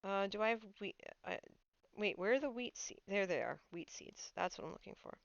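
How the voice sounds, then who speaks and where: A woman's voice: medium pitch, animated, brisk, vocal fry, dry recording, dull audio. A woman streamer chatting casually while playing a game, telling stories with lots of fillers. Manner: chatty storyteller with frequent fillers. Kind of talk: casual gaming stream chat.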